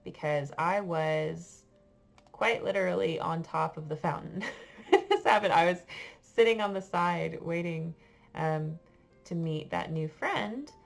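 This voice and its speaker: An American woman, a French teacher, telling a story to her class in a chatty, halting way with many fillers. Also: low voice, vocal fry. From United States.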